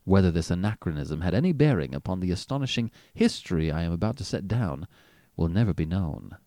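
A man narrating a classic story as an audiobook, in an expressive, animated reading. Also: low voice, fairly quick, no room sound, clean studio sound. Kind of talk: scripted narration.

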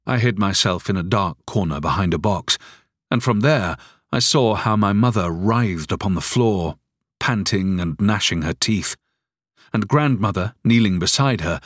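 Expressive low-voiced male storyteller. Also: unhurried, dry recording, studio quality. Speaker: narrator. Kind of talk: audiobook narration.

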